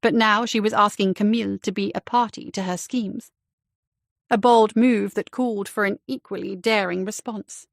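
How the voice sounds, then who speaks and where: Gravelly-voiced woman narrating an audiobook. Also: mid-range voice, moderate pace, no echo, studio quality. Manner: steady, even storytelling. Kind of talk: scripted narration.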